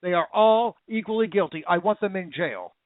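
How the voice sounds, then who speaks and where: Man, talk radio host, impassioned rant, high voice, dry close mic. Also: moderate pace, no room sound. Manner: angry, emotional, repetitive ranting. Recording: tinny phone-like sound.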